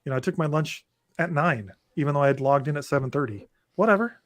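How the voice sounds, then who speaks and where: Co-hosting a podcast from home on a remote setup, a man with a slightly high voice speaks quickly. The audio is studio quality with no echo. He chats casually in an animated, rambling way, restarting his sentences often.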